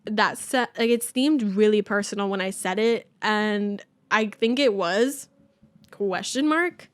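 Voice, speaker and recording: A woman's voice: mid-range voice, a little slow, dry recording. A young woman hosting her own casual podcast, rambling, self-deprecating and swearing freely. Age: young adult. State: out of breath. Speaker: podcast host. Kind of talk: casual solo podcast chat. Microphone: camera mic.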